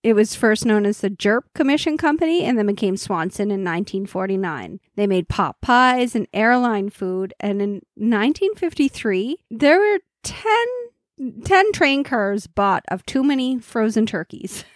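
A Canadian woman co-hosts a podcast, chatting casually while tasting food, laughing often and speaking with her mouth full. Her medium-pitched voice is animated at normal speed, recorded in a clean studio with no echo.

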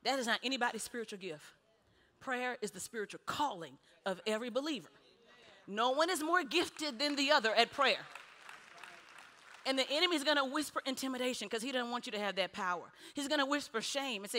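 A woman preaching a sermon, animated, with punchy repeated refrains and laughing between lines. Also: on the high side, fairly quick. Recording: long hall reverb.

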